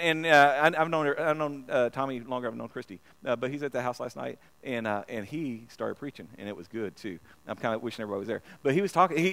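A man's voice: on the high side, fairly bright tone. A man preaching a sermon in a church, earnest and repeating himself, often stumbling and restarting his words. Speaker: pastor.

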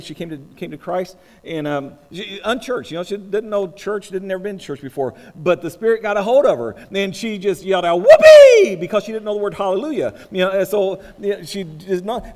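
A male preacher giving a sermon and reading scripture aloud. He stumbles over restarts, then builds to loud, emphatic passages. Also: high-pitched. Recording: long reverb of a large hall.

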